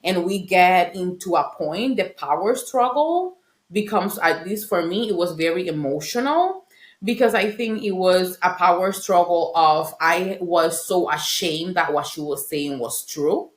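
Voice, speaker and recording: A middle-aged woman working as a parent coach shares her own story in a reflective, earnest way. She often tags her points with a quick "right?". Her voice sits a little low, and the sound carries a noticeable room echo. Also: animated. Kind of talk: personal storytelling in a conversation. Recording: roomy echo.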